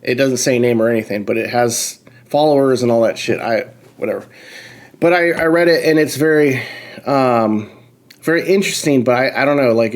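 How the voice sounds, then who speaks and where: Man swearing and riffing as he reads aloud. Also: mid-range voice. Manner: incredulous, swears often, breaks off to comment and laugh. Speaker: podcast host. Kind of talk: casual chat, reading a story aloud.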